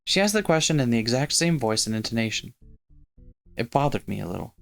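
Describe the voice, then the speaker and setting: A man reads narration from a visual novel for his let's play. His voice is mid-pitched and steady. He reads plainly, line by line. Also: a little fast, vocal fry, faint music behind. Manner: steady first-person reading of game text.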